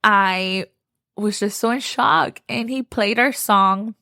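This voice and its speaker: A young woman from Texas tells a story on her podcast, gushing and full of "like". Her voice sits at a middle pitch. The close mic gives a dry sound no room in it. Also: slow, gravelly, pushed and bright, no room sound. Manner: chatty, gushing, says "like" often. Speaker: podcast host. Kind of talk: casual storytelling.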